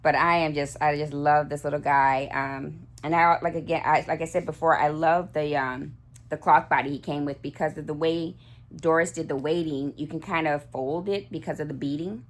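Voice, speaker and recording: A middle-aged woman with a low, steady voice talks at a moderate pace to the camera about her dolls. As a doll collector vlogger, she gushes in casual chat full of fillers and restarts.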